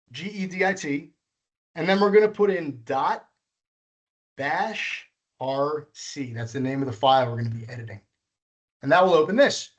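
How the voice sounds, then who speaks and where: Captured in lo-fi audio, a man with a somewhat high voice teaches a live coding workshop as the instructor. He's patient, taking it step by step and fixing his own slips along the way.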